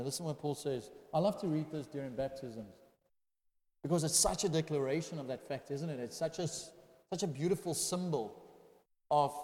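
A man's voice: fairly high pitch, dark tone. A man preaching a sermon, asking rhetorical questions and building to emphatic declarations. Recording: echoey hall.

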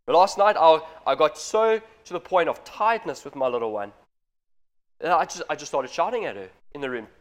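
Brisk and animated, this thirty-something preacher addresses the parents in his congregation with earnest directness, hammering home each point. His voice pitches slightly above most men's.

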